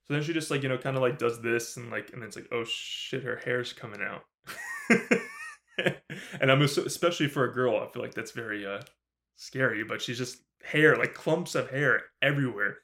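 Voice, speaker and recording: A man's voice: medium pitch, a little fast. A man co-hosting a movie review podcast, chatting casually, swearing freely, laughing often and acting out lines from the film. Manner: animated, swears a lot, laughs often, acts out character lines. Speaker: podcast co-host.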